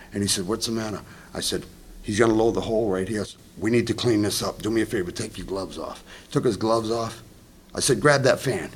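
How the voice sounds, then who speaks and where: A man's voice: lowish voice, a little hiss or hum. A man, a scalloper, bluntly telling a story and acting out the dialogue. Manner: blunt, emphatic, acts out dialogue. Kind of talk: storytelling interview.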